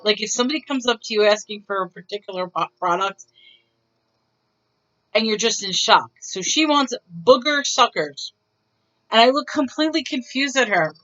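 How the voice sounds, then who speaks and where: A woman's voice: on the high side, animated, moderate pace, sharp tone, muffled recording. A woman casually telling retail stories to her viewers in a wry, bemused, chatty way, often restarting her sentences. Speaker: retail worker vlogger. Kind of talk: casual storytelling to camera.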